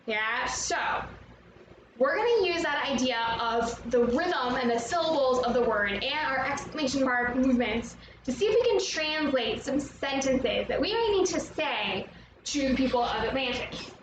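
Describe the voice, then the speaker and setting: A young woman teaching an online arts lesson to young children, speaking in an upbeat, slow and clear way and inviting the viewer to join in. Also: high-pitched, expressive. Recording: roomy, echoey, from a distance with background noise.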